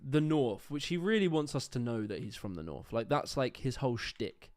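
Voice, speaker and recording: A young man hosting a livestream, his voice sitting at an ordinary middle pitch. He rants in a loose, sarcastic, exasperated way and swears freely. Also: big pitch swings, moderate pace, a little mellow. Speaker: livestream host reacting to clips. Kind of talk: casual ranting commentary.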